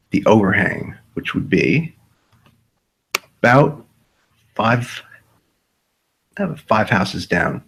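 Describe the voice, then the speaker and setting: Slow-talking man with a lowish voice. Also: creaky, a bit bright, a little hiss or hum, low-quality recording. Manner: rambling, profane, repeats himself. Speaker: livestream host. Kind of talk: casual livestream chat.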